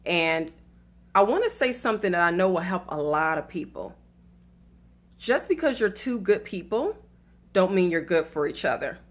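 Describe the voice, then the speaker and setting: A woman's voice: lowish voice, very animated, normal speed. A woman with a Southern accent talks to her viewers in a casual, chatty way. She is playful and laughs at her own stories. She mixes faith with dating advice and calls her audience y'all. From Atlanta, US South. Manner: addresses viewers directly as y'all.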